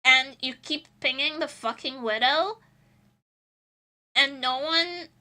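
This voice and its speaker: High, very bright-voiced woman streamer. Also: takes it slowly. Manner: rambling, laughs often between thoughts. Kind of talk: casual chat while drawing on stream.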